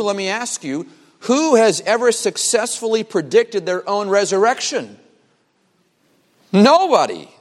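A man preaching a sermon as a pastor, emphatic, with dramatic pauses and repeated phrases. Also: sits high. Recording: long hall reverb.

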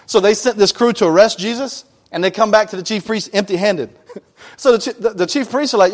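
A man with a notably high voice preaching from the pulpit. He moves between reading scripture and relaxed, chatty retellings with casual slang. The delivery stays conversational rather than formal. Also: fairly quick. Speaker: pastor. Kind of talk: sermon.

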